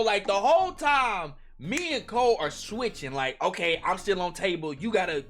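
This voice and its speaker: A young man telling a casual storytime to his viewers, slangy and animated, talking straight to the audience. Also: fairly high pitch. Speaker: storytime vlogger.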